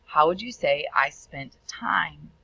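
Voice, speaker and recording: A woman teaching Spanish in a recorded video tutorial, explaining each step clearly and sounding out the Spanish words. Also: deep voice, expressive, slow pace, sharp tone, dry recording, dull audio.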